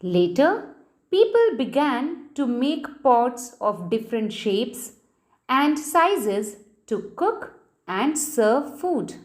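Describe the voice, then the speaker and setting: A woman's voice: sits high, sing-song, extremely slow. A woman teacher, reading a textbook lesson to children and spelling out key words letter by letter.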